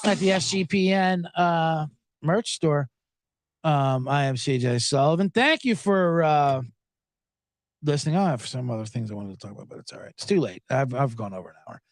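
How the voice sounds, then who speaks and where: A man's voice: a little high, normal speed, dry recording, studio quality. Exasperated man riffing on a podcast. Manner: animated, exasperated riffing with swearing. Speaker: comedian and podcast host. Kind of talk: comedic storytelling on a podcast.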